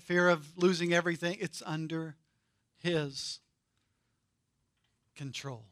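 A man preaching a sermon, emphatic and repeating key phrases, sometimes dropping very soft for emphasis. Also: fairly high pitch, no room sound, studio quality. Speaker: pastor.

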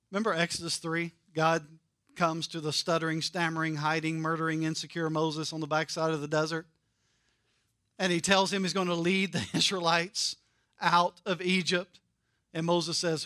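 A man preaching a sermon, emphatic and repeating key phrases, sometimes dropping very soft for emphasis. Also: on the high side, level tone, moderate pace, dry recording, clean studio sound. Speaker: pastor.

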